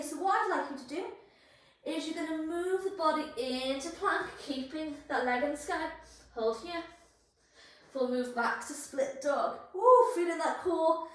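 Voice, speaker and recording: A high-voiced woman guiding a yoga flow, cueing each pose and breath with encouragement. She is out of breath from the effort. Her voice rings through a very echoey room, picked up from a distance. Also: moderate pace. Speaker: yoga instructor. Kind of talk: guided yoga class instruction.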